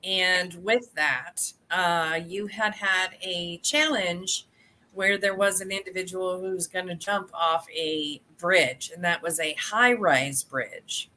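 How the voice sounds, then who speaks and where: Bright, enthusiastic woman host. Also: fairly low pitch, slow, a little hiss or hum. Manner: warmly enthusiastic, laughs often. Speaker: podcast host. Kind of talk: casual interview.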